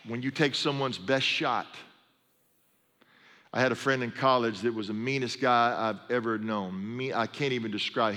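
A middle-aged male pastor preaching, his voice bright and forceful. He tells stories in a loose, conversational way with humorous asides. A long reverb trails each phrase, as in a large hall. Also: mid-range voice. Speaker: pastor and sports chaplain. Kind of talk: sermon.

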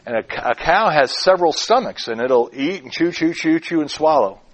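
A man's voice: a little high, lively intonation, normal speed. A man preaching a sermon, musing aloud and repeating words as he turns them over. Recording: clip-on mic.

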